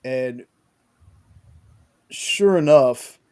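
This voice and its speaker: A man's voice: medium pitch, expressive, very slow, darkish tone, clear, resonant tone. A man casually recapping a TV episode in a rambling way, with many restarts and fillers. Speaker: podcast host recapping a show.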